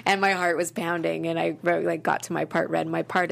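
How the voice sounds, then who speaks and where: Creaky-voiced actress, chatty and animated. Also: female voice, fairly low pitch, fast talker. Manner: chatty, animated, many fillers and restarts. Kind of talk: casual interview chat.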